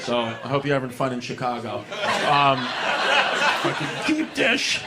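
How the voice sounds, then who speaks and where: A male stand-up comedian in a comedy club, telling stories in a loud, rowdy, profane way on a stage mic. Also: mid-range voice, huge pitch swings, measured pace, a loud crowd, heavy background noise.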